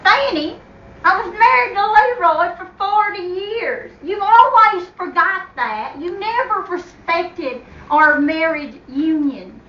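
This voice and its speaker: A woman playing a catty old widow who drawls her words slowly and folksily in a high, bright voice. She sounds far off in an echoey room. The recording is dull home video. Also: lively intonation, heavily acted. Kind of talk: comedy sketch dialogue.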